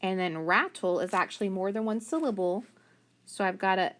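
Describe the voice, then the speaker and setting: A woman's voice: mid-range voice, moderate pace. A woman teacher giving a phonics lesson, sounding out letters one by one and praising each answer.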